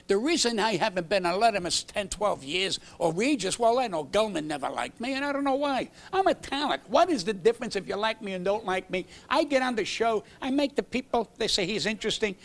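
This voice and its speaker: A man's voice: high voice, gravelly, fairly bright tone. An older male comedian on a late-night talk show set, telling aggrieved stories in a brash, blunt way and acting out the exchanges. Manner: brash, aggrieved storytelling, acts out quoted exchanges. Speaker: comedian guest. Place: TV studio set.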